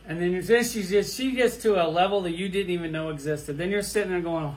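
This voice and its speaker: Crude ranting man with a high voice. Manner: blunt, crude, rapid-fire rants with rhetorical questions. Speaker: toy collector vlogger. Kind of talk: profane ranting monologue.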